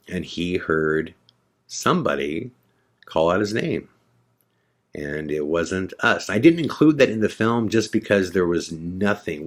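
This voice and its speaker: Deep-voiced man telling a suspenseful tale. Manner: dramatic, suspenseful retelling with repetition. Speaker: podcast host. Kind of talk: storytelling podcast narration.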